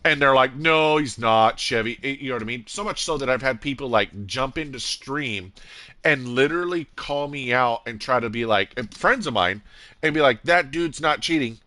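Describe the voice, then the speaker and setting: A man's voice: mid-range voice, moderate pace, pushed and bright, no room sound. A man streaming live and chatting casually about gaming, talking in a rambling way and acting out quotes in other voices.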